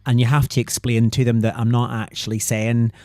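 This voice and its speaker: A man's voice: medium pitch, flat delivery, brisk, darkish tone, dry recording. A Northern Irish man co-hosting a podcast, chatting casually and explaining local words with an easy laugh. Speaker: podcast co-host.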